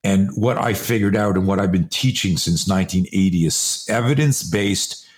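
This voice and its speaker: A man's voice: low voice, moderate pace. A man in his sixties who grew up in Canada, a guest on a podcast interview, telling stories emphatically and acting out scenes with quoted voices. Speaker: guest, self-defense instructor. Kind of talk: animated storytelling in a podcast interview.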